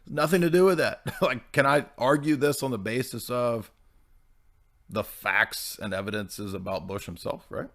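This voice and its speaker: A man's voice: mid-range voice, normal speed, a bit bright. A man, giving casual podcast commentary and tagging his points with "right?". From American Bible Belt. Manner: rhetorical, keeps asking "right?".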